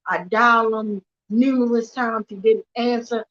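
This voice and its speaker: A woman's voice: on the high side, fairly even intonation, a little slow, a bit bright. A woman giving impassioned personal testimony as an activist at a weekly vigil. She talks earnestly and emphatically and retells events in a rush, repeating "literally" and "I'm like". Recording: dull lo-fi livestream audio.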